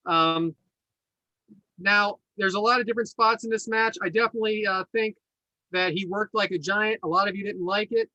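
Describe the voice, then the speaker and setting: A man hosting a podcast in casual chat, enthusiastic and quick to laugh and joke. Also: high-pitched, steady tone, sharp tone, dry recording, rough recording. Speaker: podcast host.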